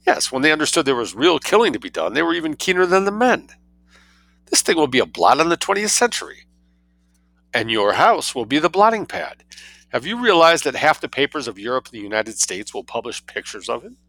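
A man voicing a suave, mischievous young man who spins outrageous tales with cool calm. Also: fairly high pitch, fairly quick, gravelly, dry recording, pitched above the performer's own voice, exaggerated voice. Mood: sly, unruffled.

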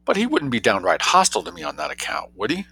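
A man's voice: medium pitch, big pitch swings, fairly quick, creaky, pushed and bright, slight background noise, voice pushed up, exaggerated voice. A man voicing an eager, easily alarmed young lady. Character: excitable young society woman, chatty, easily alarmed. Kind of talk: audiobook character reading.

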